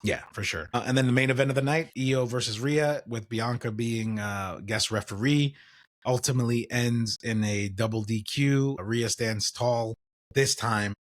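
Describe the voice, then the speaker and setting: Co-host: young man, mid-range voice, laid-back recap chat, filler-heavy, mimics wrestlers. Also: normal speed. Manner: relaxed, lots of fillers, mimics wrestlers in higher voice. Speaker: podcast co-host.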